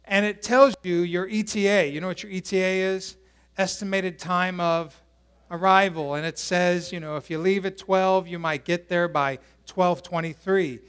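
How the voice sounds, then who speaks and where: A man's voice: sits high, fairly bright tone. A male pastor preaching a sermon at a church service in a conversational way, asking the congregation questions.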